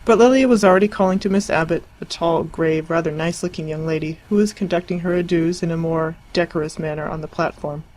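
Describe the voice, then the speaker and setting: An audiobook narrator reading a classic novel in a measured, even storytelling voice. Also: mid-range voice, poor audio. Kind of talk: scripted narration.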